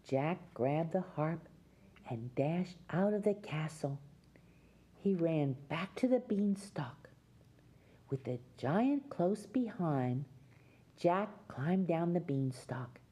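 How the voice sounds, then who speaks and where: A woman hosts a children's show, reading a fairy tale aloud and talking straight to young viewers. Her voice is mellow and slightly low, with an unhurried, gentle, sing-song delivery. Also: lively intonation, breathy edge.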